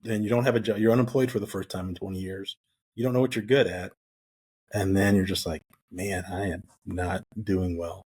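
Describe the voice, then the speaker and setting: A middle-aged man from the United States speaks as a guest in a relaxed interview, with a husky voice that sits low. He tells his story in a lively way and acts out the lines of the people in it. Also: fairly quick. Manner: animated storyteller who acts out quoted dialogue. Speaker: guest, retired Navy SEAL.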